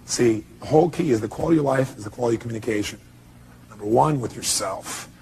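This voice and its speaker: A man's voice: mid-range voice, fast, darkish tone, a little hiss or hum. A middle-aged man giving an emphatic seminar talk and firing rhetorical questions at his audience. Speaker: motivational speaker.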